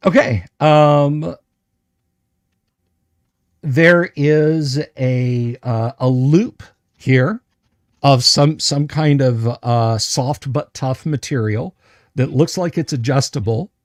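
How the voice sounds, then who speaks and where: A man running a tabletop game livestream as game master, slowly describing what the players find, with lots of hesitant fillers and restarts. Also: medium pitch, no room sound, studio quality. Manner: describes items slowly and carefully.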